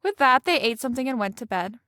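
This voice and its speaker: High-voiced woman reading a fairy tale. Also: expressive, quick pace, dry recording, clean studio sound. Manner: gentle storybook narration with light character voices. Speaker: storyteller.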